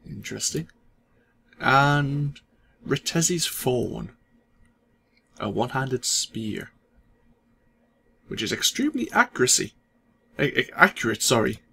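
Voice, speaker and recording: A man hosting a let's play, casually commenting on his gameplay in a relaxed, self-deprecating way, thinking aloud as he goes. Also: mid-range voice, vocal fry, breathy edge.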